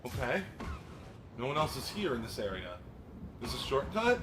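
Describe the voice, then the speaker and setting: A man streaming a racing game, commenting casually, swearing often and breaking into yelps and shouts. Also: mid-range voice, normal speed, long pauses. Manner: excitable, swears a lot, bursts into yelps and shouts. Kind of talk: live gameplay commentary. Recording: noisy game stream audio.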